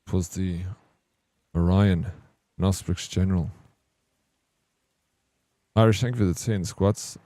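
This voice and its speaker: A man's voice: low voice, steady tone, slow pace, long pauses, warm tone, dry recording. A man from South Africa with an English South African accent, chatting casually and rambling on a gaming stream. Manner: rambling, chatty, restarts sentences often.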